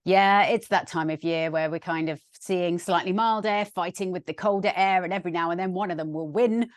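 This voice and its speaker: A woman's voice: lowish voice, a little fast, no echo, clean studio sound. A middle-aged woman co-hosting a weather podcast, explaining in a chatty way and laughing readily. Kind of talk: casual chat.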